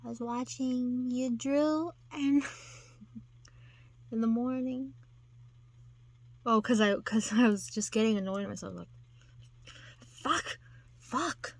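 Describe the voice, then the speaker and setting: A woman's voice: on the high side, fairly even intonation, slow, pauses often, dry recording. A woman vlogger chatting casually to her camera, rambling and self-deprecating with lots of restarts.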